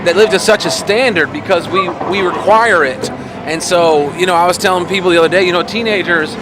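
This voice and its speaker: Rambling youth pastor man, slightly high. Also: a little fast, background noise. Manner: rambling, full of "you know" fillers and restarts. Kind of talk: talking-head interview.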